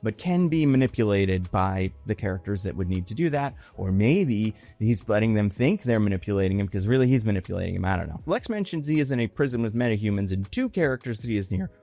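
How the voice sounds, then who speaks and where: A man's voice: on the low side, big pitch swings, fast, hardly any pauses, dark tone, no echo. A young man giving a casual, conversational breakdown of a TV episode, slipping into exaggerated voices when he quotes characters. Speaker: online film and TV commentator.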